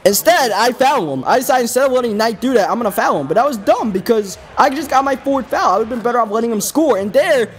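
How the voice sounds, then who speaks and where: A man's voice: extremely high pitch, animated, quick pace, few pauses, faint music behind. A man hosting a gaming video, giving casual, rambling play-by-play commentary with an exasperated, self-critical tone.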